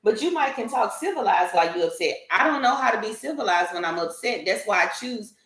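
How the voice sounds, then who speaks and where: A woman's voice: medium pitch, animated, fast, a bit bright. A woman on a discussion panel talking earnestly and emphatically, explaining her views at length in a candid group conversation. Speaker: panel guest. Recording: echoey room.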